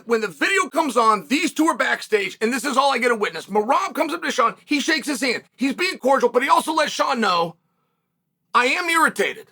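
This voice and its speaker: A combat sports commentator hosts a solo show, speaking emphatically, posing rhetorical questions and sometimes raising his voice. His voice is extremely high in pitch, pushed and bright, with a husky edge.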